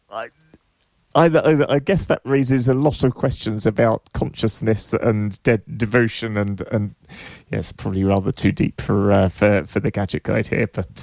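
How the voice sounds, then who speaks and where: A man co-hosting a casual tech news podcast, talking in a halting, wry way as he thinks aloud. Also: on the low side, vocal fry, a little mellow, no echo. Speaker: podcast co-host.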